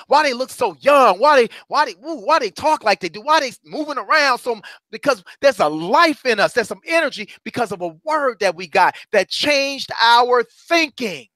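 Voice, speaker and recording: A middle-aged man preaches a motivational message in a fiery, sermon-like way, moving between loud calls and low, hushed asides. His voice sits high and sounds bright and forceful. The recording is dry and close, with no room sound. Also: no echo. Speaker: motivational courage coach.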